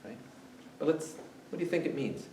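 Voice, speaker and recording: Here the preacher's voice sits a little high and has a dark tone, moving briskly with lively intonation as he quizzes the congregation in a conversational sermon. Slight background noise mixes with the echo of the church hall, picked up by a far-off mic.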